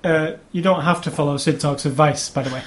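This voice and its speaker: A man's voice: fairly high pitch, fairly quick. Dry, teasing man podcast host. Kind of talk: casual chat, show wrap-up.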